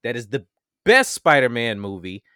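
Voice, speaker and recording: A man of middle pitch co-hosting a podcast, his voice rising and falling expressively. He chats casually and jokes, recorded with a dry, close sound. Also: sing-song, moderate pace, pushed and bright, smooth, no echo. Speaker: podcast co-host. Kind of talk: casual chat.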